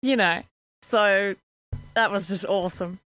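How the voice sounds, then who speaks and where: A woman co-hosting a podcast, chatty and quick to laugh as she tells stories. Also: medium pitch, a bit bright. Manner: giggly, chatty, storytelling. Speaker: podcast co-host. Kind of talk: casual chat.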